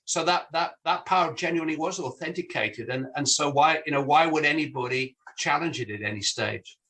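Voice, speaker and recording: Guest, man, higher bright forceful voice, emphatic with restarts. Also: a little fast, low-quality recording. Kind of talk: discussion.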